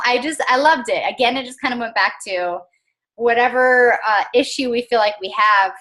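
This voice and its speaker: A woman with a bright, forward voice, talking to her team in a casual motivational call. She is chatty and earnest, filling pauses with "um" and soft laughs. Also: on the high side. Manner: chatty and earnest, with frequent fillers and small laughs. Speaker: team coach.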